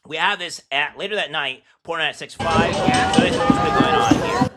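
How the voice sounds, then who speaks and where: A man hosting casual political commentary, talking in a scornful, mocking way with many halting fillers. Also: fairly high pitch, very noisy. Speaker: commentary host.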